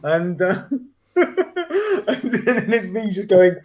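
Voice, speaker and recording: A man co-hosting a football watchalong. He talks in an animated, sweary way and repeats words as he starts his sentences. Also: sits high, unhurried, dull audio. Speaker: fan co-host of a match watchalong. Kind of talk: casual football chat.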